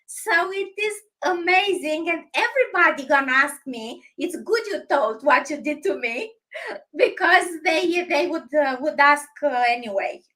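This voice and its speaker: A woman's voice: high voice, expressive, unhurried, pushed and bright, low-quality recording. A woman with a Romanian accent, hosting a podcast in English as a second language, speaking hesitantly with many fillers. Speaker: podcast host. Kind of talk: casual podcast chat.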